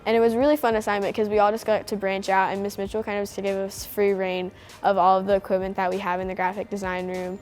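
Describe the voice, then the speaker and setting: A woman's voice: mid-range voice, little pitch movement, quick pace, a little mellow, soft background music. Bubbly teen girl student. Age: teenager. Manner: bubbly, with many likes. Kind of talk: interview soundbite.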